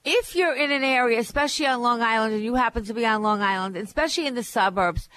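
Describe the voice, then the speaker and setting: Play a middle-aged or older woman hosting a call-in radio advice show. Her voice is bright and fairly high, and the sound is dry and close. She gives blunt, emphatic advice and restarts her sentences often as she works out her point. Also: fast, dry recording. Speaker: radio real estate show host.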